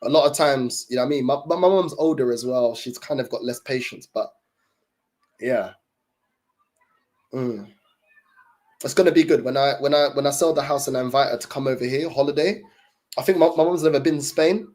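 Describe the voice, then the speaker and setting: A man's voice: mid-range voice, brisk, pauses often, a little mellow. Streamer, young man, easygoing slangy chat to viewers. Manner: laid-back slang-heavy talk with many fillers. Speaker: livestream host. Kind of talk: casual livestream chat.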